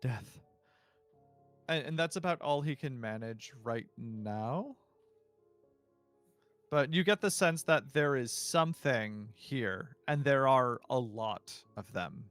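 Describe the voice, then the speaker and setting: A man's voice: medium pitch, lively intonation, slow pace, fairly bright tone, no echo, faint music behind. A man narrating as game master in a casual, loose way with many fillers.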